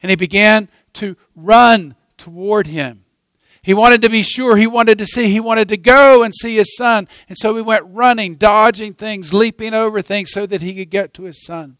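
A man preaching a sermon, telling a story with dramatic swings from hushed to loud. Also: high voice, moderate pace, no echo.

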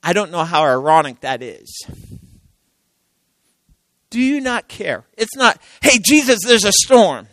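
A man preaching with a high, bright voice that jumps between shouted exclamations and hushed asides. He acts out the voices in his story and laughs along the way. The sound is dry and close. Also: a little slow, pauses often, no echo, rough recording. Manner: animated, swings from loud exclaiming to hushed near-whispers. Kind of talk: sermon.

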